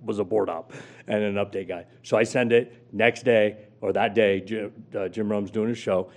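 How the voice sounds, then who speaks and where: As an interview guest, a middle-aged man who used to host sports radio shares a career story, dramatizing quotes with big vocal jumps. His voice is on the low side, with fairly even intonation and a moderate pace.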